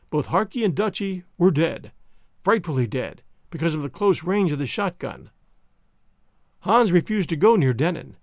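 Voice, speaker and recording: A man narrating a novel as an expressive, dramatic audiobook reading. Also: a little high, creaky, no room sound, studio quality.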